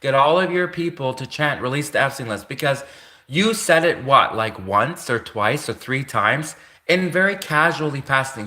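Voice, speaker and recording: A man's voice: medium pitch, lively intonation, normal speed, sharp tone. A man hosting a livestream, ranting casually and repeating himself as he speaks straight to the person he is calling out. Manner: repetitive, keeps addressing his target directly. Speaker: livestream host.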